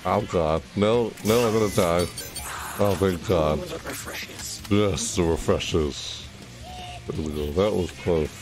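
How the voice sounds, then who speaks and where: Low-voiced guy streaming a game, yelps and mutters to himself, loud game music behind. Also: takes it slowly, pauses often. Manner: excitable, yelps and self-talk. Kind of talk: casual gameplay commentary.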